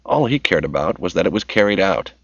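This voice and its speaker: A man narrating a novel as an audiobook in a steady, measured reading voice. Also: deep voice, slightly rough, no room sound, highs cut off.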